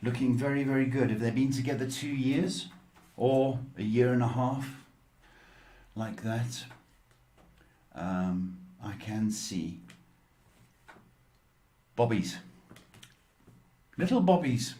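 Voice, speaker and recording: A man hosting a livestream psychic reading, giving advice in a slow, rambling way with many fillers and fond names for his callers. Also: mid-range voice, mellow. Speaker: psychic reader and show host.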